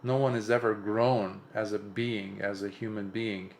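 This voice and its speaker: A man's voice: fairly low pitch, fairly even intonation, a little slow, gravelly, a little hiss or hum. A Buddhist monk giving an impromptu dharma talk, earnest and emphatic, lifting his voice on repeated points and often restarting his sentences.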